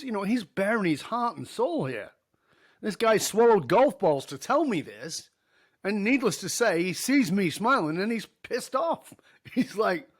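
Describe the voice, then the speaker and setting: A middle-aged man, a leadership speaker telling a story as a podcast guest, acting out the dialogue and laughing along. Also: fairly high pitch. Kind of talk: conversational storytelling.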